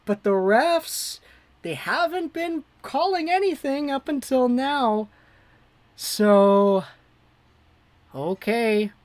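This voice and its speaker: A woman hosting a fan livestream, giving live play-by-play that swings between hushed worry and excited shouting. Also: high voice, slow pace, pauses often, no room sound. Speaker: livestream host.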